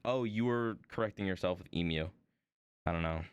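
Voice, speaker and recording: A young man with a New York accent chats idly on a stream while crafting. His low, smooth voice wanders through jokey, self-mocking tangents. The sound is close and dry, with no room around it. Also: brisk, no echo, dull audio. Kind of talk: casual rambling chat while crafting.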